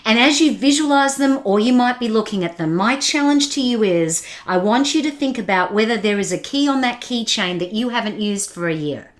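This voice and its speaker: A keynote speaker gives a motivational webinar talk, putting questions and challenges straight to her audience and laughing along with their comments. Her voice is a little high and expressive, and she speaks briskly with few pauses.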